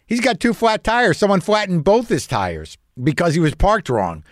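A male comedian and podcast host tells a story in a rambling, self-doubting, profane way. His voice sits slightly high for a man. The recording is close and dry. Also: huge pitch swings, normal speed, no room sound. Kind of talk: storytelling monologue.

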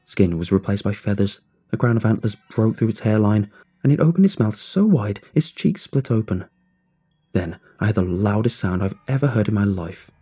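Husky low-voiced man telling horror. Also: mellow. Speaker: narrator. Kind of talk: scripted horror story narration.

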